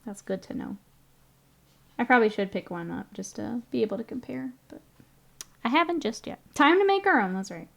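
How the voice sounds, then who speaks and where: A woman's voice: medium pitch, animated, moderate pace, gravelly, long pauses. A young woman streaming her miniature painting, chatting casually, reading chat aloud and laughing often.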